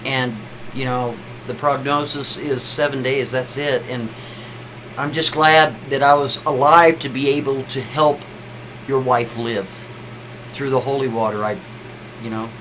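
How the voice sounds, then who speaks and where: Soft, repetitive, kindly dying man, told by a storyteller. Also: mid-range voice, steady tone, unhurried, background noise, close to an everyday voice. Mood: resigned. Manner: quiet, gentle, repeats himself.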